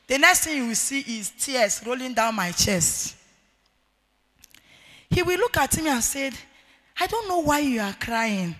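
A middle-aged woman with a Nigerian accent, preaching an emphatic sermon to women with shouted, sing-song rises. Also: sits high, very animated, a little slow, pauses often. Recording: reverberant hall.

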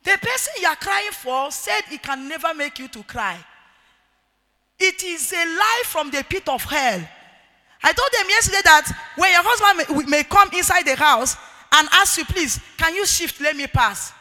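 A middle-aged woman with a Nigerian accent, preaching an emphatic sermon to women with shouted, sing-song rises. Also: very high voice, lively intonation, moderate pace, soft background music. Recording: reverberant hall.

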